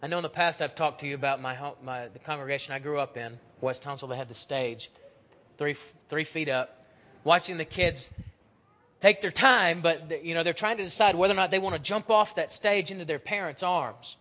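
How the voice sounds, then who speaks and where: A man's voice: on the high side, a little fast. Man preaching a sermon, lo-fi recording. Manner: storytelling, acts out voices in quotes, swings from loud to hushed. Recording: dull lo-fi recording.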